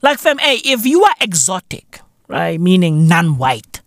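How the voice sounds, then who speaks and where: A podcast host in their thirties, ranting comedically and profanely, breaking into loud outbursts. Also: mid-range voice, a little slow, hardly any pauses, no echo, studio quality. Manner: profane, animated, bursts into shouts. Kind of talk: comedic solo podcast rant.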